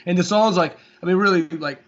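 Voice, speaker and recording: In a high voice and at a brisk pace, this Florida guitarist in his forties chats as a guest in a casual interview. His talk is relaxed, rambling, and loaded with fillers, and the recording is dull and lo-fi.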